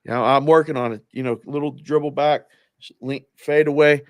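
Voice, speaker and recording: A man's voice: a little high, normal speed, dry recording. A man, a former oddsmaker, chatting casually as a guest and telling stories animatedly. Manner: animated storyteller, acts out the people he quotes. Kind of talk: casual sports-betting chat.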